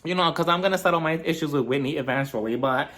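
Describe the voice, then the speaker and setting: A man impersonating a dramatic middle-aged woman reality star in a high, sing-song voice. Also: fast, a bit bright, natural voice. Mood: scheming, giddy.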